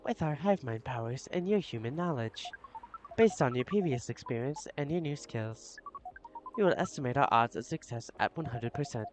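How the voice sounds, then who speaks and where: A man's voice: mid-range voice, moderate pace, soft background music, close to an everyday voice. A man voicing an alien hive-mind creature who speaks formally as "we". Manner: flat, formal, collective speech.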